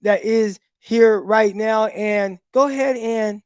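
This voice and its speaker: A man hosting a casual livestream, telling stories in an animated way with laughs, talking into a phone. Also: high-pitched, slow pace, a little hiss or hum. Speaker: podcast host and former football player.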